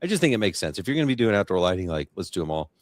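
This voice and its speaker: A male podcast host talking in a low voice, eager and loose, stacking "like" and restarting his thoughts. The sound is dry and close, with little room around it. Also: very animated, racing, dry recording. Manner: eager, rambling, restarts sentences and says "like" often. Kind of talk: casual interview chat.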